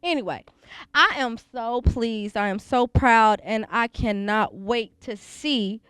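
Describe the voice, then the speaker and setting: A playful, outspoken woman hosts a talk show in a high, clear voice. She gushes with praise and jokes freely, recorded close and dry. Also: slow pace, fairly bright tone, no echo. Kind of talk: casual talk show hosting. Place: school venue.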